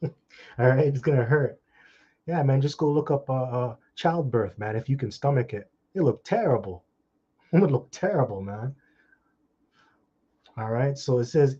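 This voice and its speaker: A man preaching in a crude, mocking way, stretching out the verses he reads with heavy emphasis. His voice is dark and husky. The recording sounds dull and lo-fi. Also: mid-range voice, animated, normal speed, pauses often. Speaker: street preacher. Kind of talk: scripture reading with commentary.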